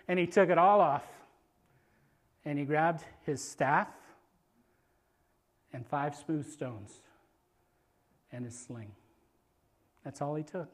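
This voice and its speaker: A male preacher in a sermon, retelling a scripture story in an animated, conversational way. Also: a little high.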